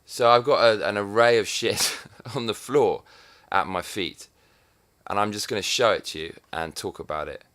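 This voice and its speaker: A man's voice: fairly low pitch, moderate pace. A man from England in his thirties, talking to camera in a profane, sardonic comic monologue. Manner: profane and sardonic, with swings in loudness. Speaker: vlogger.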